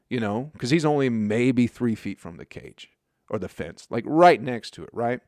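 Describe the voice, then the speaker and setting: A man rambling through a crude comedic monologue as a show host, swearing freely and dropping deadpan asides. His voice sits in a middle register. The sound is dry and close, with no room echo. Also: mid-range voice, normal speed. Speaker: podcast host.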